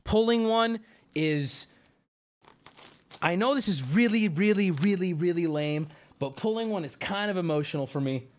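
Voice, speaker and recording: Excitable swearing male streamer. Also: high voice, fairly quick, hardly any pauses. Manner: excitable, swearing, loud outbursts. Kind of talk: live stream pack opening.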